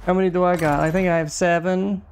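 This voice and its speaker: Gravelly man muttering through a game. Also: high voice, little pitch movement, a little hiss or hum. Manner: muttering, quick offhand reactions. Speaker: game streamer. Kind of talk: casual live gameplay commentary.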